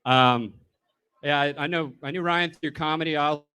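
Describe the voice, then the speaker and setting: A comedian giving a humorous eulogy in a bar, telling stories casually and swearing freely. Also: male voice, on the high side, moderate pace, bright, forceful tone, smooth.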